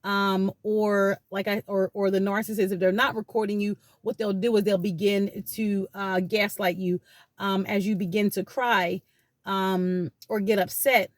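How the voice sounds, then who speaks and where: A woman's voice: medium pitch, little pitch movement, measured pace, no room sound. Woman, casual talk, rambling with fillers, dry close sound, inside a car. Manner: rambling, many fillers and restarts. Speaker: channel host talking about healing from abuse. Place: in a parked car.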